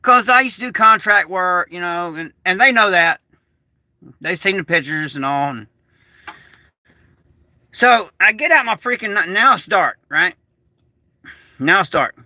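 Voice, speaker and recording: A man telling a rambling, excitable story on a casual livestream, swearing and restarting often. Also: high voice, unhurried, long pauses, no room sound. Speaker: prepper vlogger. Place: small shed turned bunker.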